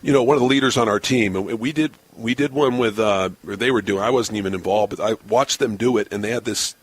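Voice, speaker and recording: A man in his forties, a baseball broadcaster, telling lively stories in a casual podcast interview and laughing often. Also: on the low side, fast talker, breathy edge, no echo. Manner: animated storyteller, laughs often, acts out quotes.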